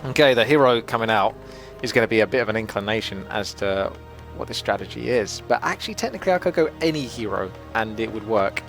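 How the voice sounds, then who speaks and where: A man's voice: fairly low pitch, animated, quick pace, gravelly, fairly bright tone, faint music behind. Chatty man narrating gameplay. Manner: chatty, jokey, thinks aloud while playing. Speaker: gaming channel host. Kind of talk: live gameplay commentary.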